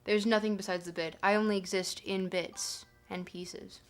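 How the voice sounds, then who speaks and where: A woman's voice: medium pitch, fairly even intonation, normal speed, faint music behind. A young woman streaming live, chatting casually and joking as she reads her chat aloud.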